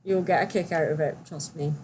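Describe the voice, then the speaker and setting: A woman's voice: sits low, steady tone, fairly quick, darkish tone, slight background noise. A young woman hosting a casual livestream, chatting and reading viewer questions aloud. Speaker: livestream host.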